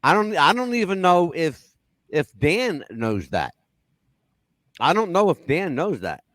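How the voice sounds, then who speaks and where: A man hosting a casual talk-radio show, telling stories with animated, crude and profane patter. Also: fairly high pitch, a little slow, no echo. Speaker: radio host.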